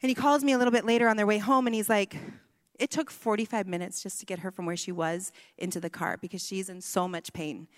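A woman's voice: mid-range voice, steady tone, fast, no room sound, in a large hall. A woman in her thirties telling a personal family story, with self-deprecating humor and quoted dialogue. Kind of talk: personal testimony talk.

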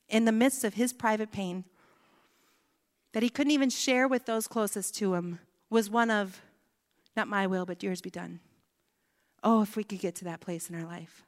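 A woman giving an earnest, emotional testimony in sermon style, letting her voice drop soft on key words. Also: mid-range voice, big-room sound.

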